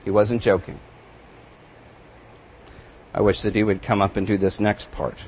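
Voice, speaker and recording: A male pastor preaching a sermon, reading scripture aloud with rising emphasis and then commenting in a quieter, conversational tone. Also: lowish voice, little pitch movement, unhurried, slight background noise, poor audio.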